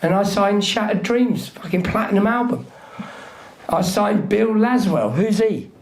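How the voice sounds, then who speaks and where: A man's voice: sits high, animated, a little slow, a little hiss or hum. A man, telling stories as a guest in a live Q&A. He talks brashly and swears a lot, acting out what other people said. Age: 60s. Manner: profane, brash, acts out quotes of other people. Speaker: interview guest, music figure. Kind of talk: live Q&A storytelling.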